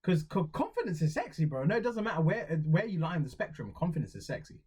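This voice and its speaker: A young man co-hosting a casual podcast, bantering and launching into animated rants. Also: a little high, fast talker, husky. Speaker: podcast co-host. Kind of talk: casual chat.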